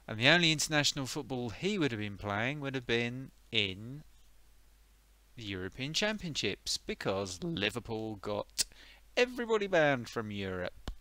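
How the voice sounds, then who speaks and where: Casual male streamer commentating retro games, bright forceful tone, dry sardonic asides. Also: mid-range voice, sing-song, moderate pace, dry recording. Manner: chatty, sardonic, muttering asides.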